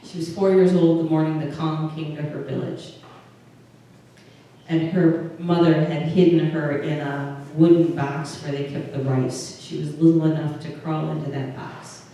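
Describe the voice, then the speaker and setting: A woman's voice: low-pitched, level tone, measured pace, mellow. A woman pastor giving a conversational sermon, often stopping and restarting her phrases. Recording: distant mic in a very echoey room with faint noise.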